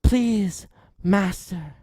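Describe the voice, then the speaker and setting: A man hosting a live-streamed poetry open mic. He reads poems with loud, impassioned outbursts and talks in relaxed, quick asides between them. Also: high-pitched, slightly rough, no room sound, studio quality. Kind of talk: live-streamed poetry reading and host talk.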